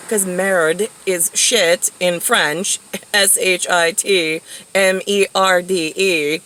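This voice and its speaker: A woman's voice: mid-range voice, creaky, fairly bright tone, slight background noise, low-quality recording. A woman telling a rambling family story in casual monologue, quoting relatives and dropping into whispered asides. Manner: meandering, quotes family in shifting tones, whispers asides. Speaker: storyteller recounting family conversation. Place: inside a house.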